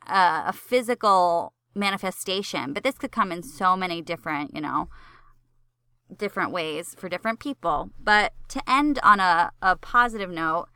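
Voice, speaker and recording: A young woman hosting a solo podcast on acting, talking candidly and casually swearing, her pitch jumping up when she gets excited. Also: clear, resonant tone, dry recording, studio quality. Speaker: podcast host and acting coach.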